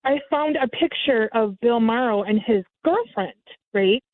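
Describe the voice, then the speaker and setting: An American woman speaks a little slowly over a tinny, dry phone line with no echo, casually recounting a scam. She's lively, mimicking other people by suddenly jumping into a raised, high pitch.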